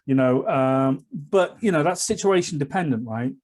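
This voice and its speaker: A man's voice: fairly high pitch, lively intonation, normal speed, darkish tone. Chatty man co-hosting a podcast. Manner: teasing, rambling with many fillers. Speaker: podcast co-host. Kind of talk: casual chat.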